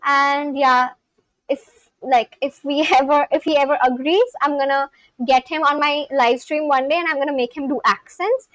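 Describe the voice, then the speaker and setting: High-voiced woman chatting on a live stream. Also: fairly even intonation, moderate pace, a bit bright, no echo, rough recording. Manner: chatty, reads and answers chat. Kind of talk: casual live-stream chat.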